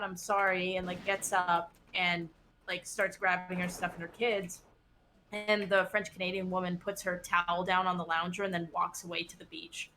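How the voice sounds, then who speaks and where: Telling stories as she games, a streamer from the West Coast chats casually and says "like" a lot. She has a medium-pitched, slightly bright voice, and the recording carries a little hiss or hum.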